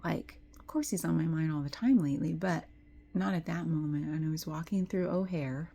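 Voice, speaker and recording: A middle-aged woman giving an intuitive tarot reading to camera. She is tearful and tender, and drifts into soft whispers when she is moved. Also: deep voice, normal speed, slight background noise. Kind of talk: emotional spiritual talk to camera.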